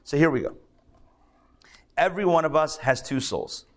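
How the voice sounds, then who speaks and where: Rabbi teaching a live class. Male, fairly high-pitched voice, conversational and jokey, restarts his sentences as he thinks. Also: animated, moderate pace. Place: synagogue class.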